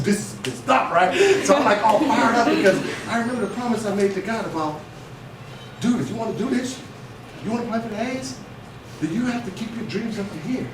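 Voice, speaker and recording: A middle-aged man from Oakland giving a motivational talk to students, an animated storyteller who acts out his own dialogue and laughs often. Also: very high voice, normal speed. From Oakland, California. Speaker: motivational speaker. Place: school hall or classroom. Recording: echoey room, speaker far from camera, noisy.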